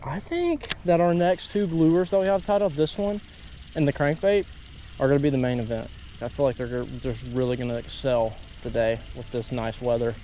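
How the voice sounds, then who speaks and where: A young man hosting a casual fishing vlog outdoors from a lake bank, excitable and hyped up when he hooks fish. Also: mid-range voice, moderate pace, slight background noise. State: out of breath. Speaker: fishing channel host.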